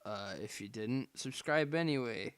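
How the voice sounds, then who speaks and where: A man doing casual gameplay commentary as a let's play host, excitable, sarcastic and self-mocking. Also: mid-range voice, a little slow, background noise.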